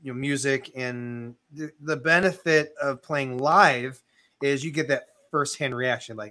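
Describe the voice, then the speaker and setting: A man hosts a relaxed interview and asks long, meandering questions full of fillers. His voice is bright and forward, at a middle pitch. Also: unhurried. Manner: rambling questions, many fillers. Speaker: podcast host. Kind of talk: casual interview chat.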